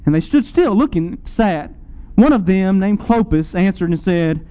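Man, sermon, dramatic storytelling, high voice, smooth and resonant. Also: expressive, moderate pace, few pauses, rough recording. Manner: dramatic second-person retelling, swings loud and soft. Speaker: preacher.

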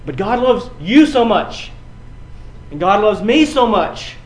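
A man preaching a sermon, building from quiet passages to loud, emphatic runs and often repeating his words. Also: high-pitched, very animated, slow, rough recording. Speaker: pastor.

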